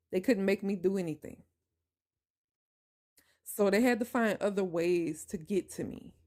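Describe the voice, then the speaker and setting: A woman hosting a podcast, telling a personal story in an emphatic, animated way and talking straight to her listeners. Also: medium pitch. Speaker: podcast host.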